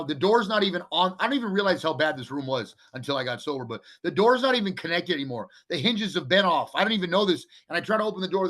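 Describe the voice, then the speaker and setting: Male podcast guest, candid storyteller, profane and unpolished, sharp and forceful tone. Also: on the high side. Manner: blunt and profane, with frequent restarts. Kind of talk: candid storytelling in a casual interview.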